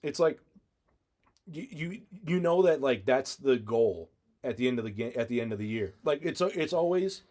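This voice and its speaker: A man co-hosting a podcast, telling stories in a casual, animated way, often laughing and swearing. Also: mid-range voice, normal speed. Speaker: podcast co-host. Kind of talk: casual chat.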